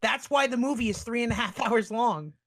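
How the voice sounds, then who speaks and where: Guy with a high voice on a podcast, rambling, lots of likes and uhs. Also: fairly quick, fairly bright tone. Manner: rambling, filler-heavy storytelling. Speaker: podcast guest. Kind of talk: casual podcast chat.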